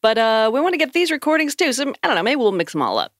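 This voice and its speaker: A woman's voice: sits high, very animated, rapid-fire, no room sound. Giggly woman podcast co-host, dry sound. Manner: giggly, self-deprecating joking. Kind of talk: casual podcast chat.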